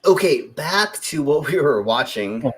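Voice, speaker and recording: A man's voice: a little high, sing-song, a little slow. Rambling young man hosting a chat show. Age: 20s. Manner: rambling, lots of fillers and restarts. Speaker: show host. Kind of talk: casual storytelling chat.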